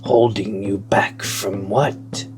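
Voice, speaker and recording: A man voicing a sullen dark inner being in a game, asking low, probing questions. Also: steady tone, slow, over music.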